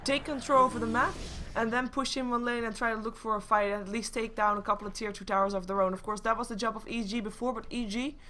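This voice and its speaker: A woman's voice: fairly high pitch, flat delivery, fast, hardly any pauses, bright, forceful tone. A young woman doing solo live esports commentary, chatty and joking with her stream chat between play calls. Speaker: esports caster.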